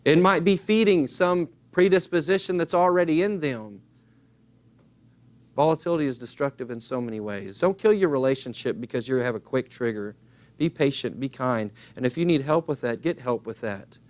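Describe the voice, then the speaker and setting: A man preaching a sermon, earnest and emphatic, swinging his pitch widely and acting out little dialogues as he goes. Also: moderate pace, a little mellow.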